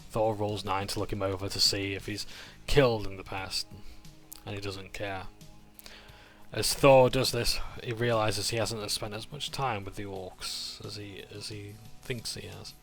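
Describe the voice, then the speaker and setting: Gravelly man recapping a game. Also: on the low side, fairly even intonation, a little slow, soft background music. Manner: rambling, with fillers and restarts. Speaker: player recapping a session. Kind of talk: casual tabletop game recap.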